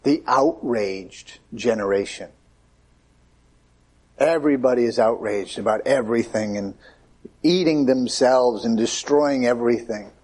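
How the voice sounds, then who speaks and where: A man's voice: medium pitch, unhurried, a little mellow. A man preaching a conversational sermon, acting out the voices of Bible figures.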